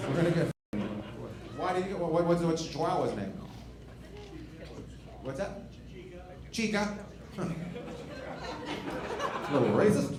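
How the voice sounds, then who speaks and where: A man doing stand-up crowd work into a stage mic, teasing the audience with profane jokes. His voice sits a little high and leaps all over in pitch, from low asides to loud outbursts. The echoey club is full of loud laughter and noise. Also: animated, measured pace, long pauses. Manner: teasing, profane, swings from low mutters to shouting.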